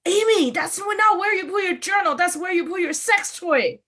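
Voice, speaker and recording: A woman imitating her mother, yelling from across the room in a shrill scolding voice. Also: expressive, normal speed.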